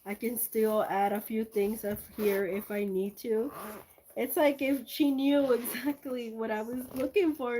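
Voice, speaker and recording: A woman chatting casually as she unboxes gifts for her video, gushing and excitable, swinging between loud squeals and soft, hushed thanks. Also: on the high side, measured pace, slight background noise. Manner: gushing and excitable, many exclamations. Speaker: art vlogger.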